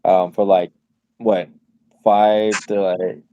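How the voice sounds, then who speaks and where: A man's voice: low voice, little pitch movement, slow, clean tone, lo-fi sound. A man in his twenties co-hosting a podcast, telling stories in casual slangy chat and laughing often. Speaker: podcast co-host.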